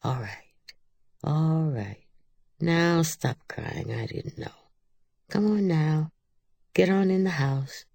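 A woman voicing a stern, fierce mother of young girls, sharp and scolding in a dry, close recording. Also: on the low side, measured pace, no room sound, pitched above the performer's own voice, close to an everyday voice. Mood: gentle. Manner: sharp scolding, softening to gentle.

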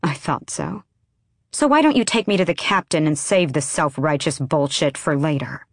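A woman's voice: low voice, lively intonation, moderate pace, dry recording, studio quality. A woman reading the part of a cold, defiant young woman assassin with a cutting, sardonic manner. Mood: bitter.

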